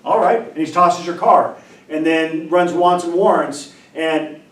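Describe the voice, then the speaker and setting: A man, a professor, talking in an animated, emphatic way and telling a story, often repeating and restarting words. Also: fairly high pitch, a little slow. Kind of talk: animated casual discussion and storytelling. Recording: roomy, distant mic, faint background noise.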